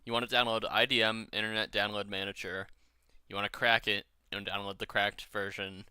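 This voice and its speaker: A man from Washington talks his way through a gaming stream in a loose, rambling, profane way, a little drunk. His lowish voice is very bright and crisp. The sound is dry and close. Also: level tone, fairly quick, dry recording. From Washington state. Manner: rambling, profane, chatty with viewers. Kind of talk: casual stream chat.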